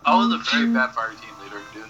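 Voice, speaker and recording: Bright-voiced young man telling stories. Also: mid-range voice, lively intonation, racing, highs cut off, faint music behind. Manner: rambling, swears a lot, laughs at own stories. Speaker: podcast regular. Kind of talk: casual chat, storytelling.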